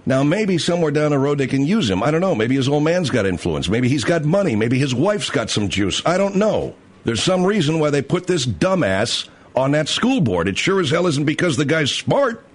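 A male talk host ranting in blunt, profane commentary, his pitch swinging widely as he mocks and acts out the people he describes. His voice sits a little high for a man. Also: sing-song, moderate pace, hardly any pauses. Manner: blunt, profane, mocking, puts on voices of others. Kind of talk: ranting commentary with acted-out dialogue.

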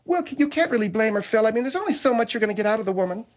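A man's voice: high-pitched, animated, very fast, pitched above the performer's own voice. A man doing a prim disapproving woman. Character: prim, easily offended middle-aged woman.

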